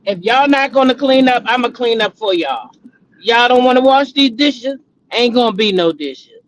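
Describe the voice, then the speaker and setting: A man's voice: very high voice, lively intonation, normal speed, a bit bright, low-quality recording. A middle-aged man, hosting a casual commentary chat in a blunt, profane, laughing way. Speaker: channel host.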